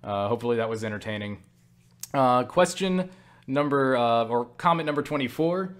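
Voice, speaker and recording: Here a young man hosting his channel fields viewer questions via a webcam mic, speaking at medium pitch and normal speed in an animated way. He tells meandering stories to the camera, heavy on fillers such as "you know" and "like," casually cursing and teasing himself.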